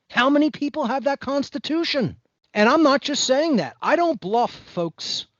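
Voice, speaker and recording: A man's voice: extremely high pitch, expressive, normal speed, fairly bright tone, no room sound, muffled recording. A man speaking as a podcast guest in an impassioned monologue, blunt, preachy and emphatic.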